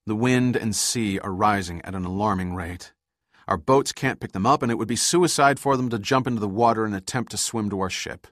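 A deep-voiced man as a commanding sea captain. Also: a little fast, no echo, studio quality, lightly acted. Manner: firm, direct. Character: bold male sea captain, calm and commanding. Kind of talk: audiobook character reading.

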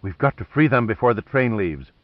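A tough female agent who speaks with steady, fierce determination, as a male narrator puts her on. The voice stays close to his own, captured in a muffled, dry studio. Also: fairly low pitch, brisk, no room sound, natural voice. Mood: earnest.

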